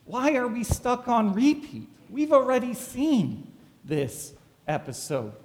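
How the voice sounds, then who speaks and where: A pastor preaching a sermon, full of dramatic rhetorical questions. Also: male voice, very high voice, wildly swooping pitch, slow pace, a little mellow, in a large hall.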